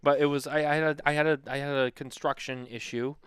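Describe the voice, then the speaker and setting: A man hosting a casual podcast chat, telling animated stories and acting out what others said. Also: a little high, quick pace, smooth, no room sound, clean studio sound. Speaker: podcast host.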